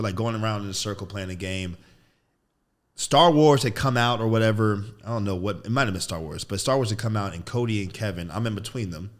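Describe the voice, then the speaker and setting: A young actor and podcast guest telling a personal story in casual chat, slangy and profane. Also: male voice, on the low side.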